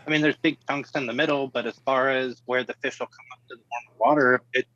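A man's voice: medium pitch, steady tone, fast talker, pushed and bright, no echo. A middle-aged man, a guest in a casual chat, easygoing with dry jokes. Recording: dull lo-fi line.

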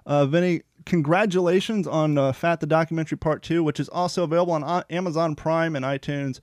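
A man's voice: steady tone, fairly quick, darkish tone, dry recording, studio quality. Chatty, upbeat male podcast host. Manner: chatty, rambling, sales-pitch energy. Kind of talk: casual podcast chat and ad reads.

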